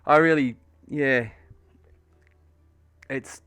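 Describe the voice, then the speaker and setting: Drawing out his words in a medium-pitched, fairly even voice, an Australian livestreamer rambles through a story while painting miniatures at home. He swears plenty and uses lots of fillers; his tone is a bit bright and smooth, with no room sound.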